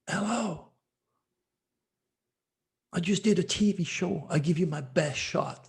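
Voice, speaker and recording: A male astrologer delivers a scolding monologue on his own channel, circling back to the same points again and again. His voice is gravelly and sits a little high. He speaks slowly and heavily, leaning hard on each word. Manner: ranting, repetitive, scolding. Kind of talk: emphatic monologue.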